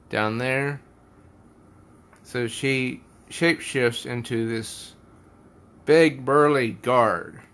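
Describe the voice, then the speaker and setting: A man casually walking through a comic he is reviewing, taking his time. He trips over names and laughs at himself about it. His voice sits at an ordinary middle pitch. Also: fairly bright tone. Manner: hesitant with names, self-deprecating.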